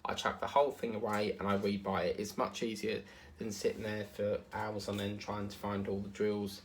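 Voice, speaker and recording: Here an English diamond painting vlogger chats while he works on his craft, his Essex accent carrying some South African. His voice is lowish and level in tone, moving at normal speed, with a little hiss or hum in the recording. The conversation meanders casually, with many fillers and asides.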